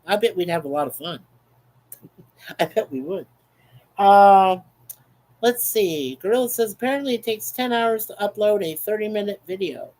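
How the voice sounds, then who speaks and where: A man hosting a relaxed livestream from home. He reads viewer comments aloud and answers them in a chatty, playful way. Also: high-pitched, normal speed, long pauses. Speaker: livestream host. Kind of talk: casual live chat. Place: home in Canada.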